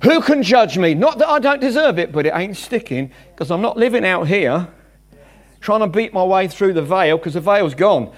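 A male preacher with a high, bright voice that leaps all over the place as he talks. He jokes with the congregation and shifts from loud bursts to quiet, hushed asides. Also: moderate pace. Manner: animated, jokey, swings between loud bursts and hushed asides. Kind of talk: sermon.

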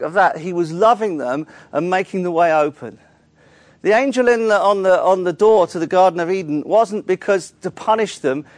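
A man's voice: on the high side, no echo. A man preaching a sermon in a church, earnestly explaining scripture with frequent small restarts. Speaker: pastor.

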